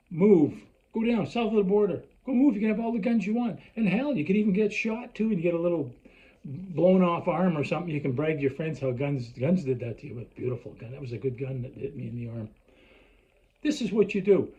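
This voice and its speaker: A man's voice: high-pitched, warm tone, dull audio. An older man from Canada delivering an angry, sarcastic ranting monologue, often mocking others in put-on voices. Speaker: vlogger.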